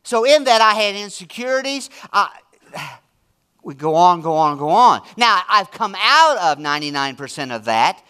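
Middle-aged male pastor, sermon delivery, emphatic with hushed asides; high, bright tone. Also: very animated, moderate pace, clear, resonant tone. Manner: emphatic preaching, swinging from loud to hushed and intimate.

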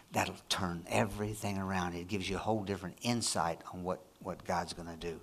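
A man preaching a sermon, moving between quiet, low passages and loud, high-pitched, excited prayer. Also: a little fast, few pauses. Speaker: pastor.

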